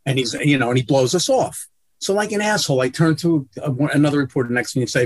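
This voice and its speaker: Blunt, profane sportswriter on a video call. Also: male voice, on the high side, fast talker, no room sound. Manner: blunt, profane, self-deprecating. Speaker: guest, sportswriter. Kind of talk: casual interview storytelling.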